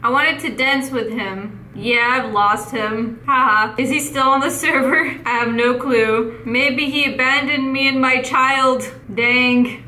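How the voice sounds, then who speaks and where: A woman's voice: high-pitched, steady tone, slow pace, few pauses, bright, forceful tone, slight background noise. A woman giving playful, teasing commentary over her gameplay, laughing often. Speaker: gaming YouTuber. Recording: echoey room.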